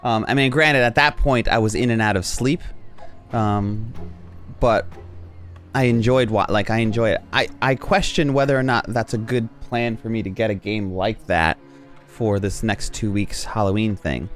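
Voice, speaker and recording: A man's voice: fairly low pitch, moderate pace, fairly bright tone, soft background music. A man chatting casually while streaming a game, rambling and laughing often. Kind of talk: casual gameplay commentary.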